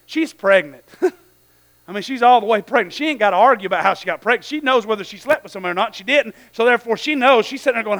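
A man delivers a sermon in an unusually high, bright and forceful voice. His delivery is folksy and animated, with frequent calls of amen and bursts of shouting at the high points. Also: fast. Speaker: preacher.

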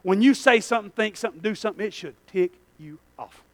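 A male pastor, preaching a sermon, swinging between loud shouting and low asides to the congregation. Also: fast, no echo.

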